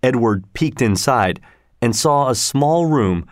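A man narrating a storybook aloud in a measured, expressive way. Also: medium pitch, dry recording, studio quality.

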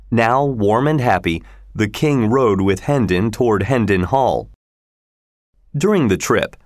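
A man narrating a story in a steady, measured reading. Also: medium pitch, no room sound, clean studio sound.

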